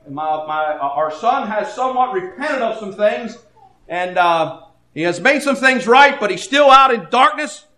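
An older man preaching a sermon, dropping to a hush and then rising loud, often stammering into repeats. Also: sits high, animated, reverberant. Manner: swings between hushed and loud, halting repeats.

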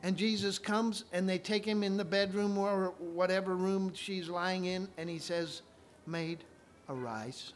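A man preaching a sermon, retelling scripture stories and swinging from quiet asides to loud, ringing proclamations. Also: high-pitched, little pitch movement, moderate pace, hardly any pauses, a little hiss or hum.

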